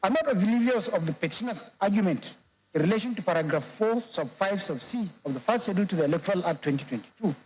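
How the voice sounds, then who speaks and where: High-voiced judge reading a ruling. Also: male voice, darkish tone, rough recording. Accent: Nigerian English. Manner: measured, formal legal reading. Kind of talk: reading a court judgment aloud. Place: courtroom.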